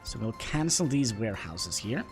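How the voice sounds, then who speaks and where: Halting Norwegian-accented man streaming a game. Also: medium pitch, sing-song. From Norway. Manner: halting, chatty, self-deprecating, talks to chat. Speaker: livestreamer. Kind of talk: casual gameplay livestream commentary. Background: faint background music.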